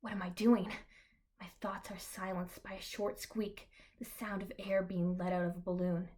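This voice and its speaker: A young woman reading her own comic fan fiction aloud, deadpan, breaking off with dry asides. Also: mid-range voice, normal speed. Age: young adult.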